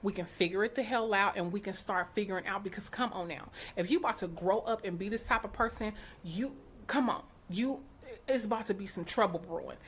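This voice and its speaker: A middle-aged woman, a mother, telling a story to her viewers in a casual, outspoken and animated way, acting out what each person said. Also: mid-range voice, brisk, a little hiss or hum. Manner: animated, outspoken, quotes people in character. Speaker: vlogger, mother.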